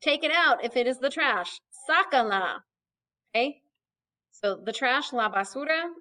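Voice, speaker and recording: A woman's voice: high voice, expressive, measured pace, sharp tone. A young woman teaching a recorded lesson, explaining patiently step by step and checking in with frequent "okay"s. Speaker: Spanish teacher.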